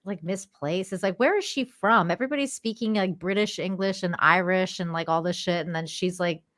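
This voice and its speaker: A woman's voice: lowish voice, a little fast, a bit bright. A woman co-hosting a casual podcast chat, giggling and exclaiming as she mocks a show. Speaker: show co-host.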